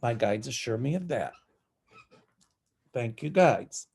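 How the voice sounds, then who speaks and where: Taking his time, a man from the Southern United States with a Southern accent rambles through his psychic predictions, chatty, opinionated, scornful, and heavy on the ums. His medium-pitched voice is animated and darkish, with vocal fry, and a little hiss or hum sits underneath.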